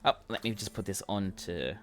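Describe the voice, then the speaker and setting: A man's voice: deep voice, lively intonation, moderate pace, a bit bright. A man streaming a game, reading its dialogue aloud and adding chatty, joking asides over game music. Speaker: gaming streamer. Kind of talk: gameplay commentary.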